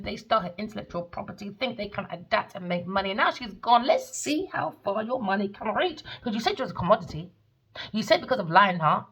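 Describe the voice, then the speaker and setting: A woman's voice: medium pitch, a bit bright, slightly rough. A woman giving a tarot reading as a profane, scornful rant, swinging into mocking sing-song taunts. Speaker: tarot reader.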